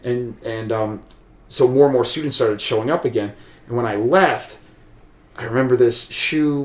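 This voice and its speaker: A man speaks at an ordinary mid pitch, telling a long personal story in a loose, rambling way. He keeps restarting sentences and filling gaps with "like" and "um". The room rings with a noticeable echo. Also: fairly bright tone. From USA. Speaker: podcast guest, martial arts practitioner. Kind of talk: casual storytelling conversation. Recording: roomy echo.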